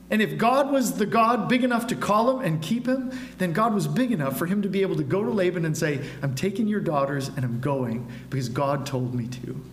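A high-pitched man preaches a Sunday sermon, asking his listeners rhetorical questions again and again. His voice rings around an echoey church sanctuary. A faint hum sits underneath. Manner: asks the congregation rhetorical questions. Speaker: pastor.

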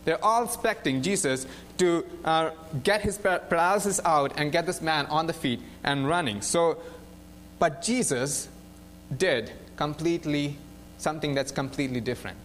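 A young man preaches in a relaxed, conversational way, retelling a Bible story with lots of "like" and "right?" tossed in. His voice sits a little high for a man. A faint hum runs underneath. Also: moderate pace. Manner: animated storytelling with frequent "like" and "right?".

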